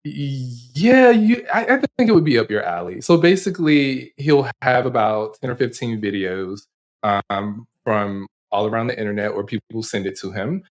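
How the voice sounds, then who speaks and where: A male podcast co-host with a voice of ordinary pitch, chatting casually. He laughs often. He tells rambling, animated stories full of fillers. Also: normal speed. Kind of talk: casual chat.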